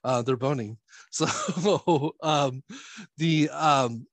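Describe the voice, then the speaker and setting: A man's voice: fairly high pitch, very slow, no echo. A man casually recapping a comic series, full of fillers and chuckles as he talks. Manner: rambling, many fillers and chuckles. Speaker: podcast host.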